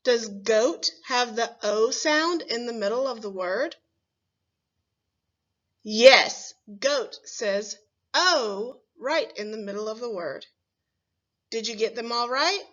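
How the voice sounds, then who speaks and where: A woman teaching a first grade phonics lesson, sounding out words slowly and clearly and asking the children questions. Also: a little high, lively intonation, fairly bright tone, lo-fi sound.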